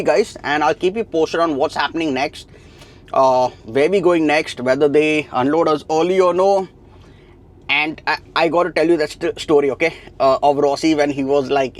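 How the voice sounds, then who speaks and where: A young adult man vlogging casually from his truck cab, talking in a rambling, chatty way with many fillers and restarts. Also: on the high side. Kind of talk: casual vlog chat.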